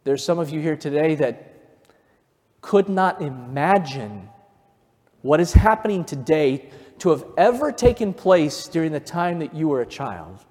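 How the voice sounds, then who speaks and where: A male pastor preaching a sermon, telling stories and building from quiet to fervent emphasis. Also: fairly high pitch, sing-song, unhurried. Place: church sanctuary. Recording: long reverb of a church hall.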